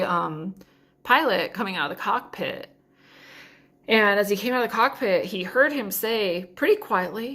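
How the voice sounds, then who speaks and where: A woman's voice: medium pitch, bright, forceful tone. A woman hosting her own show, telling a story in a chatty way, with many fillers and frequent laughs. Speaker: host of a spiritual podcast. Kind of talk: casual storytelling monologue.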